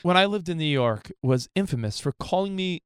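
A man's voice: on the high side, clean tone, dry recording. A man in his thirties, a radio host, telling a story in casual studio banter and acting out his own phone calls. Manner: animated, acts out phone calls in quick voices.

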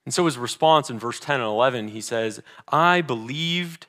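A man preaching a sermon as pastor, earnest, moving between emphatic declarations and hushed, slower readings of scripture. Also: mid-range voice. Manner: reads scripture slowly and deliberately.

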